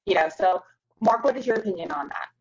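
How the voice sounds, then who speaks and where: A woman hosting a remote panel, asking long halting questions with many fillers, over a video call. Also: mid-range voice, darkish tone, slightly rough, highs cut off. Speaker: host.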